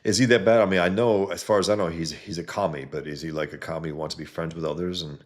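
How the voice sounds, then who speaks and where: Deep-voiced man, blunt rambling livestream chat. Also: steady tone, fast talker. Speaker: livestream host. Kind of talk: casual livestream chat, reading viewer comments.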